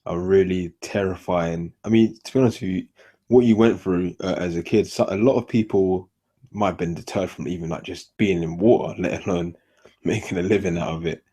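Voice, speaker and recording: A man hosts a casual podcast interview in a very deep, husky voice. His tone is dark and mellow. He talks in a laid-back, friendly way and keeps addressing his guest as "man". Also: brisk. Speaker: podcast host.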